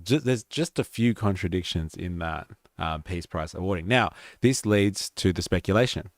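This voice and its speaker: A deep-voiced man with a rough, gravelly edge hosts a live stream. He reads a statement aloud and keeps interrupting it with sarcastic, mocking remarks. The sound is dry, with no room echo. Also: expressive, moderate pace. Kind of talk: reading aloud with sarcastic commentary.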